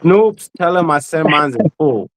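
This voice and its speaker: A man's voice: on the high side, a little slow, dry recording, low-quality recording. Slangy man hosting a live stream. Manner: relaxed, slangy, says bro a lot. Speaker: host. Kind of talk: casual chat. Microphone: live stream call.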